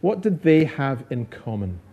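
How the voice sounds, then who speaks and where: A man preaching an all-age church talk, lively and encouraging, repeating phrases for emphasis. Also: medium pitch, a little slow, highs cut off.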